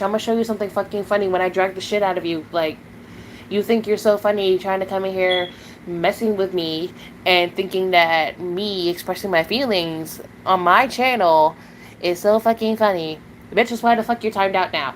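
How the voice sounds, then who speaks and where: A woman's voice: mid-range voice, moderate pace, a little hiss or hum. Angry, swearing young woman streamer. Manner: profane, confrontational, fillers of "like". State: upset and angry. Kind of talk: live-stream vent.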